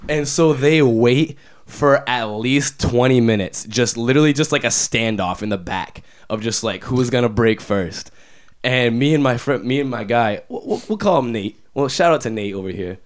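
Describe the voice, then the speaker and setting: A man's voice: mid-range voice, animated, normal speed. A young man telling a story from his retail job in casual chat, rambling and leaning on filler words. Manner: rambling, heavy use of "like", restarts.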